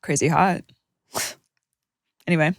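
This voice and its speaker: A woman co-hosting a podcast, reading listener stories aloud with joking, animated banter. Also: deep voice, unhurried, dry recording, studio quality. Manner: animated, joking, laughs mid-sentence. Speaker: podcast co-host.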